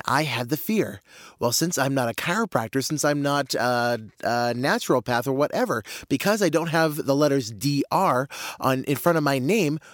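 Brief: earnest male trainer, a bit high-pitched, dry close sound, a motivational storyteller. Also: no room sound. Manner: earnest storyteller, acts out voices.

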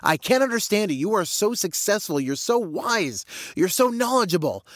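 Brief: a man playing an exasperated young pupil, raised pitch, whiny and pleading, dry sound. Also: very animated, normal speed, fairly bright tone, dry recording. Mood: frustrated. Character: frustrated young male student pleading.

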